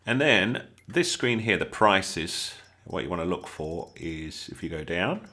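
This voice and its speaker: This gaming channel host is an English man whose low, sing-song voice moves a little slowly with a bright, forceful tone. Chatty and jokey, he walks viewers through a video game as tutorial commentary.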